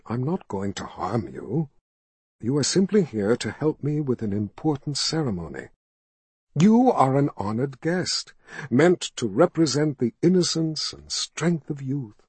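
A man reading an audiobook voices a soft-spoken, sinister male ruler who coaxes a frightened child with false gentleness. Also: mid-range voice, breathy edge, no room sound. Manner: soft, coaxing and indulgent. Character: smooth, soft-spoken male tyrant posing as kind.

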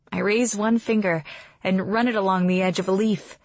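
A woman's voice: mid-range voice, steady tone, normal speed, a little mellow, dry recording. Woman narrating a fantasy romance. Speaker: audiobook narrator.

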